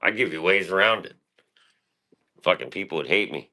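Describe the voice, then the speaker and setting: Speaking at a normal pace and with plenty of expression, this man's extremely low voice still sounds bright and forceful. He rambles casually through a boastful, profanity-laden stream monologue.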